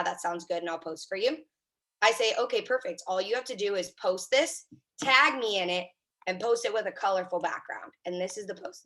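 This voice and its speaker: A woman's voice: medium pitch, a bit bright. A woman coaching her sales team on a video call, upbeat and chatty, with lots of "like" and "right?".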